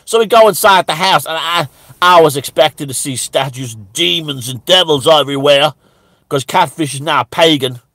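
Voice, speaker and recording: A man playing a bigoted, stammering preacher who rambles indignantly and breaks into high shouts. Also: normal speed, no room sound. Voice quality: stammering, repeating words. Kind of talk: satirical character monologue.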